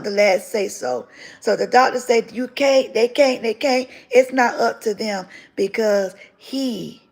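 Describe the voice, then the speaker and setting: Gravelly woman giving a fervent testimony. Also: mid-range voice, a little mellow, rough recording. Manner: fervent, repeats phrases for emphasis. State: tearful at times. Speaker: livestream host sharing her testimony. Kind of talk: emotional spoken testimony on a livestream.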